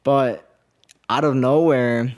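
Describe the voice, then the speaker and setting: A man's voice: mid-range voice, fairly even intonation, slow pace. A young man co-hosting a podcast, telling a story in a casual chat with lots of laughs and casual swearing. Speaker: podcast co-host.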